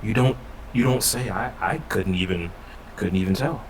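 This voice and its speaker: Lower-voiced male player, wry and joking, recorded at a distance with steady hiss. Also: normal speed. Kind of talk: casual tabletop play.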